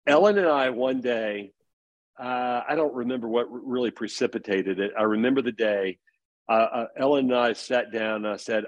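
A man's voice: medium pitch, moderate pace, no echo, highs cut off. A middle-aged man as a podcast guest, earnestly telling stories about parenting in casual conversation. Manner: earnest storytelling.

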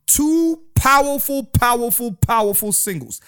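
Male podcast host, high-pitched, casual and slangy, repeats lines for emphasis. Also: a little slow, a bit bright, clean tone. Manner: loose, slangy, repeats himself. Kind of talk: casual solo podcast chat.

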